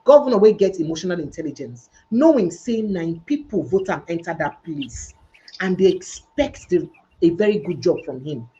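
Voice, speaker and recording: A woman's voice: medium pitch, dark tone, lo-fi sound. A Nigerian woman hosting a debate-style discussion who slips into Pidgin and presses her points hard. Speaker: show host.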